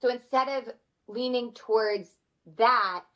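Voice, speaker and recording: A woman in her thirties, a mother of four, speaking as a podcast guest in an earnest, animated way. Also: on the high side, slow pace, low-quality recording. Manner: earnest, animated, acts out her kids' voices. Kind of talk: conversational interview.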